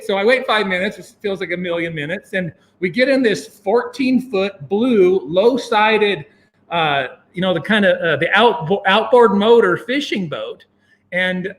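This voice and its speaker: A man telling a long personal story as an interview guest, animated and full of fillers and chuckles. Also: high voice. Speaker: guest, venture capitalist. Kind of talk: casual anecdote telling.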